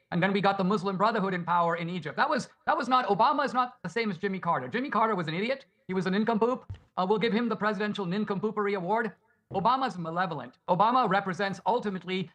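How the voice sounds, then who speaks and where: A man's voice: high voice, a bit bright. A man arguing in a debate, lecturing and asking rhetorical questions. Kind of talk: debate argument.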